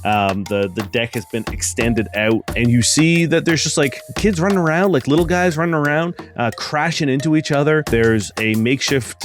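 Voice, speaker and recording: A man narrating a tabletop game as game master, rambling with many fillers. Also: medium pitch.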